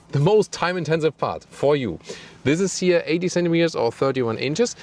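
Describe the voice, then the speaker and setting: A man's voice: fairly high pitch, big pitch swings, measured pace, a little mellow, a little hiss or hum. A man with a German accent hosting a walkaround car review, pointing out features one by one in a detailed, upbeat way. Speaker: car reviewer, channel host. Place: beside a car outdoors in Scotland.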